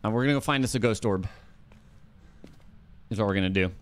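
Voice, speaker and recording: A man's voice: on the low side, a little fast. A man streaming a ghost-hunting game, chatting casually and calling out to the ghost and his teammate. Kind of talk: casual gameplay chat.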